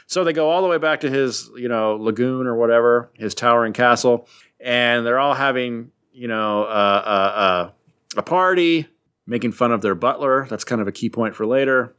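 A man with a middle-pitched everyday voice, casually recapping a comic story. He rambles and jokes along the way, often stopping for filler words. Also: normal speed, a bit bright, clean tone. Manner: rambling and jokey, with many fillers. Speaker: podcast host recapping a comic. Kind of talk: casual chat.

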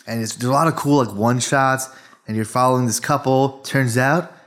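A man's voice: mid-range voice, fairly quick, a bit bright. Rambling laid-back male co-host. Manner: loose, rambling, full of "like". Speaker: podcast co-host. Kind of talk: casual chat.

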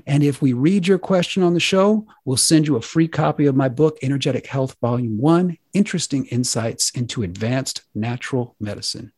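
A man hosting a talk show, speaking earnestly and with drawn-out emphasis. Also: medium pitch, a little mellow, husky, no echo, clean studio sound. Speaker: host.

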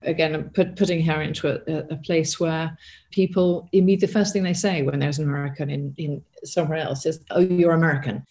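Gravelly-voiced woman author being interviewed. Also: low voice, fairly even intonation, fairly quick, mellow. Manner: thoughtful, with frequent restarts and asides. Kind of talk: conversational interview answers.

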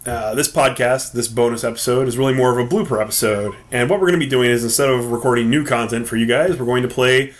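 A man hosting a podcast in casual chat, upbeat and quick to laugh. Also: mid-range voice, fairly even intonation. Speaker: podcast host.

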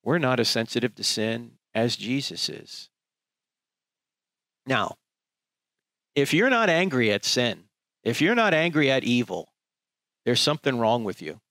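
A man's voice: medium pitch, sing-song, unhurried, pauses often, a bit bright, no echo. A man preaching a sermon in an emphatic, rhetorical way, acting out the people he quotes.

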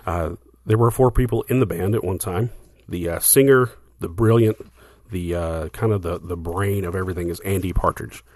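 A man's voice: deep voice, normal speed, a little mellow, no echo. A man co-hosting a podcast, casually explaining music history with lots of fillers and restarts. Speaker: podcast co-host.

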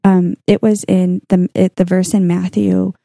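A woman in casual faith talk, warm and dark in tone with a gravelly edge. She chats earnestly and works through her study notes. The sound is close and dry. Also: on the low side, level tone, a little slow, no echo. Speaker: podcast co-host.

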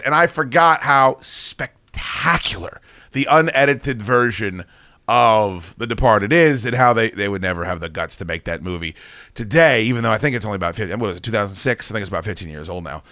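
A man's voice: mid-range voice, animated, brisk, pushed and bright, no room sound, clean studio sound. A man in his thirties hosting a podcast, telling a long story in a rambling, self-mocking way and swearing constantly. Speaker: podcast host. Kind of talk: casual profane storytelling.

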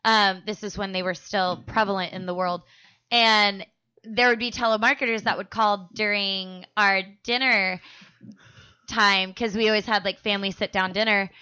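Bright-voiced woman telling a story. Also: medium pitch, fairly even intonation, moderate pace, smooth. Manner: chatty storytelling with crude jokes. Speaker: podcast co-host. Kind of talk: casual comedic chat.

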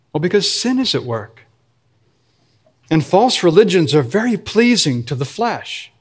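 A male pastor delivering a sermon, earnest, with slow emphatic phrases. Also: a little high.

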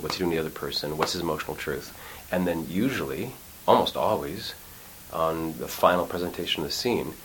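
Deep, low middle-aged actor, animated interview storyteller; faint hiss. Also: male voice, poor audio. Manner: animated, acts out quotes, lots of restarts. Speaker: actor and acting teacher. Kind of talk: casual interview conversation. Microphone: studio mic.

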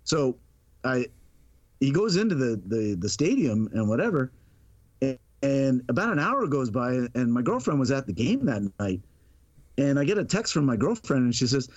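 A man's voice: medium pitch, very animated, normal speed. Chatty man telling a story, dull audio. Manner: chatty, laughs often, stumbles and repeats words. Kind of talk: casual anecdote.

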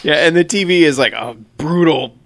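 A man's voice: fairly high pitch, brisk. A man casually retelling movie scenes to friends, quoting characters in playful voices. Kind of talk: casual movie recap chat.

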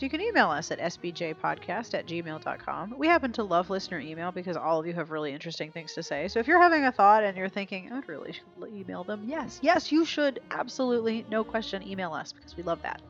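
A woman's voice: mid-range voice, sing-song, quick pace, hardly any pauses, highs cut off, faint music behind. A woman hosting a podcast outro, chatty and upbeat, her voice stuffy and snotty after the flu. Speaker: podcast host.

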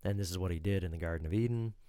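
A man's voice: deep voice, racing, dark tone, no room sound, studio quality. A man, a pastor, explaining scripture in a theological talk with an emphatic, lecturing manner. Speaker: pastor, co-host. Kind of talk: theological discussion.

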